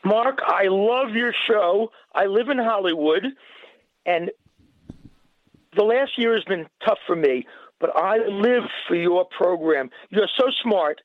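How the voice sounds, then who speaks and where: A man calling in to a radio show, speaking slowly and gushing with praise for the host. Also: high-pitched, no room sound. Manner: slow, gushing fan. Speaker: caller. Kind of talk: phone-in call. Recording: tinny phone line.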